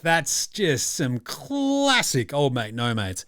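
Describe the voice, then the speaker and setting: A man's voice: fairly high pitch, wildly swooping pitch, slow, hardly any pauses, a bit bright, dry recording, studio quality. An Australian man hosting a casual sports reaction podcast, talking in a blunt, jokey, profane way. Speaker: podcast host.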